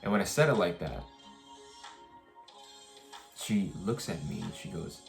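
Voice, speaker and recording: A young man with a deep, low voice vents casually to his camera. He circles back and restarts his sentences, swearing as he retells the story. Faint music plays underneath. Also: animated, a little slow, creaky. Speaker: vlogger.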